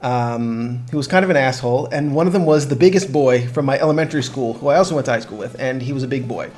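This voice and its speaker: A man's voice: mid-range voice, quick pace, a little mellow. A young man chatting casually on a gaming show, telling a long dream story with laughs and restarts. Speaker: co-host of a game podcast.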